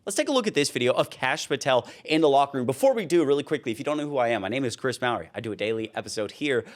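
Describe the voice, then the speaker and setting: A man's voice: mid-range voice, animated, racing. A young man giving heated, casual political commentary, worked up and ranting.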